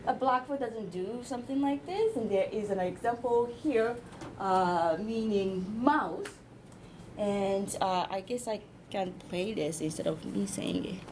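A woman linguist giving an academic presentation, explaining her slides step by step with frequent pauses and hesitations. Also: medium pitch, darkish tone, slight background noise, low-quality recording.

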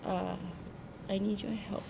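Presenting academic slides step by step, a female linguist speaks with a flat, creaky, mid-range voice and frequent pauses and hesitations. Heavy background noise runs under the recording.

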